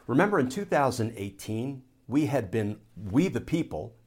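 A man's voice: medium pitch, big pitch swings, moderate pace, darkish tone, husky. A man, a former Army lawyer, giving a solo political commentary that explains his argument step by step and poses rhetorical questions.

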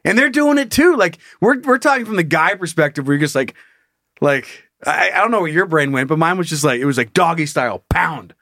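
Bright, lively young man joking crudely. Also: fairly high pitch, fairly quick, creaky, dry recording, clean studio sound. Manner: laughs often, swears freely. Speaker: podcast co-host. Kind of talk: crude casual comedy chat.

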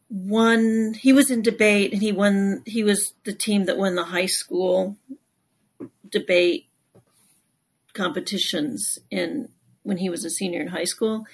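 A woman from Texas, an author guest in an interview, telling stories in a calm, reflective way. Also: mid-range voice. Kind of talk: conversational interview.

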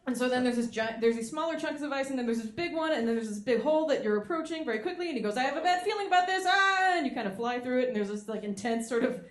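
A woman's voice: fairly high pitch, rapid-fire, few pauses, darkish tone. A woman on a panel, telling a story with animation and frequent giggles, recorded live in a roomy space. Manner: giggly, breaks into laughter. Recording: roomy live room sound.

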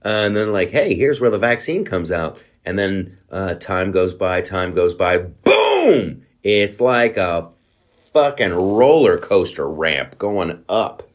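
A middle-aged man hosting a comedy podcast, ranting in a profane, worked-up way and breaking into loud outbursts. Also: deep voice, animated, unhurried. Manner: mumbling around a guitar pick in his mouth. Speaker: podcast host. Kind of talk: casual comedic political rant.

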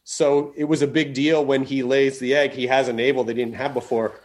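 A man's voice: mid-range voice, flat delivery, normal speed. A man in casual comedic podcast chat, rambling and riffing with frequent swearing. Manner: rambling, riffing, profane, laughs a lot. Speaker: podcast co-host.

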